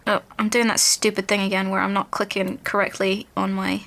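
Bright-voiced playful woman gamer. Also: medium pitch, flat delivery, a little fast, gravelly. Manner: playful, chatty, self-mocking. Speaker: apprentice player. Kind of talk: casual gaming chat.

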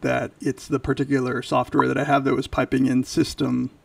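A male podcast co-host in casual chat, halting with many fillers and restarts, and losing his voice. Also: medium pitch, little pitch movement, gravelly, far from the mic. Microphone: video call.

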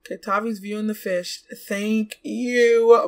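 Chatty young woman commenting on her game. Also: medium pitch. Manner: chatty, scolds and coaxes the game characters aloud; exclamatory, quick to gasp and laugh. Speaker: gaming YouTuber. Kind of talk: let's play commentary.

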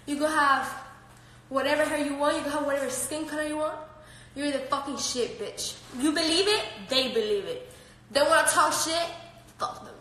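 Brash high-voiced woman in an echoey room. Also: moderate pace, sharp tone, slight background noise. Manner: brash, profane and laughing. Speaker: live-stream host. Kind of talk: casual live-stream chat. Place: home with her dogs. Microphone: phone.

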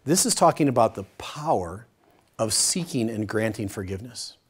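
A man teaching a Bible study session in a conversational, demonstrative way, acting out short everyday dialogues in a softer voice. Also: fairly low pitch, expressive, normal speed, slightly rough. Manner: demonstrative, uses a pen as a prop.

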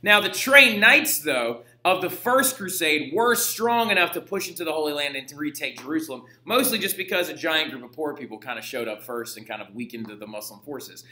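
A man's voice: fairly high pitch, lively intonation, brisk, hardly any pauses, sharp tone. A young male history teacher giving a casual, chatty lecture, often checking in with "right?". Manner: chatty, slangy, frequent "right?". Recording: echoey room.

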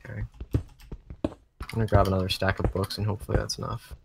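A man with a low voice talks quickly in a rambling, joking way over game chat. Keyboard typing and clicks are clearly heard behind him. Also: little pitch movement, background noise. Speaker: gamer. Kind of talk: casual gaming chat.

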